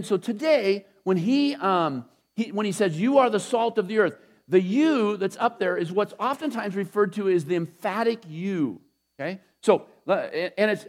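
Guy preaching a sermon, kinda high voice, talks loose and conversational, lots of restarts. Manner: conversational, rambling with restarts and asides. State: tired after a short night. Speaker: pastor.

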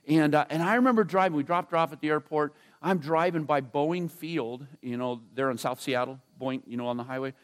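A man, preaching as a pastor in a church, casual and halting, often dropping to a soft hush. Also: on the high side. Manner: conversational, halting with restarts and fillers; drops to a soft hush when emotional. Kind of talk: sermon.

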